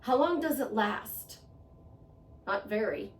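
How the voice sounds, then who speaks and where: A woman talks through a motivational monologue in an earnest, conversational way, coming back to the same phrases to press a point. Her voice sits on the higher side. The recording is echoey, with her set back from the microphone. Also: animated, slow pace. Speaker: self-help vlogger. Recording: echoey room, voice a bit far from mic.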